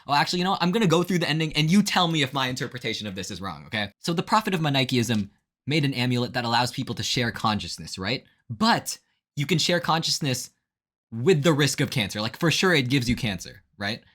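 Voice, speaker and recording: A young adult man talking through a book review in a loose, rambling way, with plenty of fillers. He keeps tossing "right?" at the listener, with his pitch sitting in an ordinary middle range. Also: big pitch swings, fast talker, a bit bright. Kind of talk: casual spoiler review rant.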